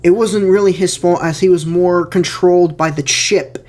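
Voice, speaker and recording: A man's voice: sits high, fairly even intonation, normal speed, darkish tone. A young man giving casual director's commentary on his fan film, rambling with many fillers and repeated words.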